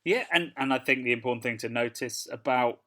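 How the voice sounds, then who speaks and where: A man co-hosting a casual podcast, telling stories in a relaxed, chatty way and laughing along. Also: mid-range voice, fairly quick. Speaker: podcast co-host. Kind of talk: casual chat.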